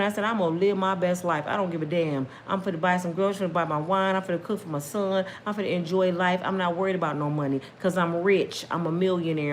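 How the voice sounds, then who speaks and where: A middle-aged woman with a somewhat low voice tells her own story to viewers in a casual, emphatic way. She talks straight at the audience and breaks into religious exclamations. When she gets worked up, her voice climbs high. Faint background noise sits behind her. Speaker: storyteller vlogger.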